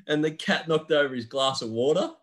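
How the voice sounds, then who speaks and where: A man's voice: a little high, wildly swooping pitch, moderate pace, fairly bright tone. A young man co-hosting a casual podcast chat, telling stories while laughing and swearing freely. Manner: laughing storyteller, swears a lot. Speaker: podcast co-host.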